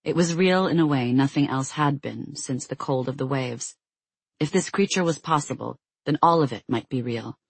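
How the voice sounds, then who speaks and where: Calm measured audiobook narrator, dry sound. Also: mid-range voice, gravelly, slightly rough, dry recording. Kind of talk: scripted narration.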